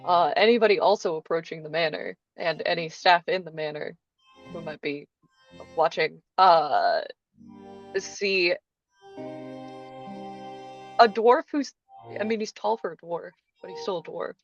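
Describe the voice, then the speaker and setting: Slow, halting woman player on a dull mic. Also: fairly low pitch, soft background music. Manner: hesitant, giggly, lots of fillers. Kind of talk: describing a character in a tabletop game.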